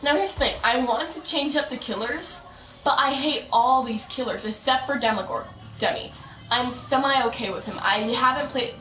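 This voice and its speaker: A chatty young woman rambles through her game, hopping between asides. Her voice sits a little high and comes from a step back from the mic. The room echoes around her and faint music plays underneath. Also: a bit bright, recorded from a distance. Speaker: gaming streamer. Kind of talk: casual gameplay commentary.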